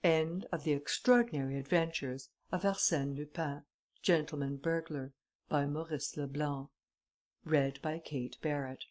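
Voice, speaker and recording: A woman narrating an audiobook in a measured, expressive storytelling manner. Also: low-pitched. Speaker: audiobook reader. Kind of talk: scripted narration.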